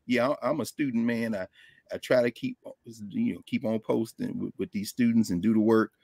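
A man guest on a live video call, telling stories in a casual, animated way, laughing often. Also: lowish voice, normal speed, creaky, dry recording, clean studio sound. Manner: animated, loose, laughs often, drops into quoted voices. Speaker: guest scholar. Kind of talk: casual conversational storytelling. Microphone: desk microphone on a video call.

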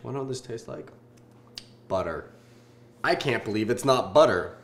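A man in his twenties from Southern California hosting a casual food-tasting vlog, joking and swearing in deadpan asides. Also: mid-range voice, moderate pace, echoey room. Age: 20s.

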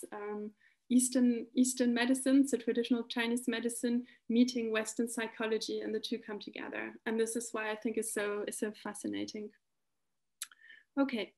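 Soft-spoken woman explaining tapping calmly. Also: on the high side. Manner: calm, explanatory, restarts phrases often. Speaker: EFT practitioner giving a talk. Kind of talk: explanatory talk with demonstration.

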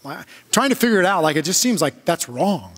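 Man, pastor, chatty sermon, stop-start storytelling, higher-pitched voice, long reverb of a church hall. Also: very animated, a bit bright, husky. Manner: halting storytelling with frequent restarts. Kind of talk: conversational sermon. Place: church sanctuary.

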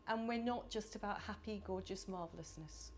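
A middle-aged woman from the United Kingdom speaking at a conference, animated and chatty with laughing asides. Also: medium pitch, moderate pace, a little hiss or hum. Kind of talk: conference talk. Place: conference hall.

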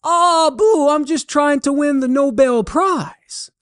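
A man's voice: very high-pitched, slow pace, fairly bright tone, no room sound, studio quality, pitched above the performer's own voice, exaggerated voice. A man voicing a simple, good-natured Cajun man in a rice field, with a Cajun accent, hollering back to a friend. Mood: cheerful hollering.

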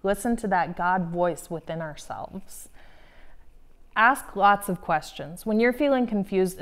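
A young woman teaching a children's lesson about feelings, talking gently and playfully and acting out each feeling for the kids. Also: medium pitch.

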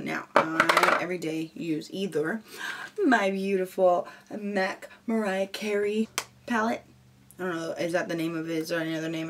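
A woman's voice: on the low side, unhurried, a little hiss or hum. A young woman chatting casually and goofily while doing a makeup tutorial. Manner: goofy, chatty and rambling. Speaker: beauty vlogger.

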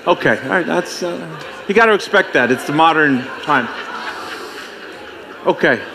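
A man's voice: a little high, expressive, unhurried, creaky, noisy background. A man emceeing a conference, bantering and joking with the audience in a playful, teasing way. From United States. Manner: playful, teasing, self-mocking.

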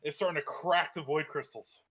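A man's voice: fairly high pitch, steady tone, brisk, fairly bright tone. A man playing in a tabletop game, giggling and goofing around. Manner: giggly, goofy. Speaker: player. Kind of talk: casual tabletop role-play banter.

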